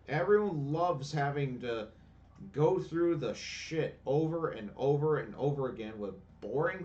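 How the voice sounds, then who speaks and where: A man's voice: a little high, a little mellow, far from the mic, a little hiss or hum. Ranting, profane man at a game. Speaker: gameplay commentator. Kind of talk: casual let's-play commentary. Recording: voice a bit off-mic, faint game music.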